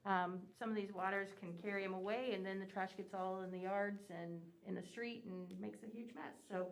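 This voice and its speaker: Woman commissioner, mid-pitched, loose chatty council report with lots of ums. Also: fairly even intonation, normal speed, vocal fry, rough recording. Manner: rambling, many fillers. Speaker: city commissioner.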